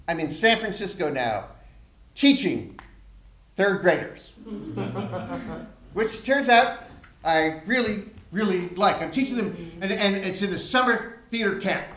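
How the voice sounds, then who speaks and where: Animated high-voiced man telling a comic story. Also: takes it slowly, pauses often, a little hiss or hum. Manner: animated, self-mocking comic delivery. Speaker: solo performer. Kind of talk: live storytelling monologue. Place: small theater stage. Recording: echoey room.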